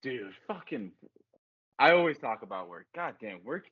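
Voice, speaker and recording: A man co-hosting a casual podcast, telling stories in an animated, profane way. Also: medium pitch, moderate pace, slightly rough, no room sound, highs cut off. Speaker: podcast co-host. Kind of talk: casual chat.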